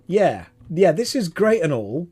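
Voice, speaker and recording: Animated streamer, mellow voice. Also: male voice, on the high side, unhurried, husky. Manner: animated, self-mocking, jumps between chat and gameplay. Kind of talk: casual live-stream chat while gaming.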